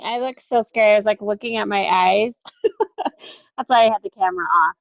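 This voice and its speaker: A tired woman chatting quickly on a team video call, self-deprecating and casual. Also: mid-range voice, vocal fry, dry recording. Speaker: team member giving shout outs. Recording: dry, dull video call audio.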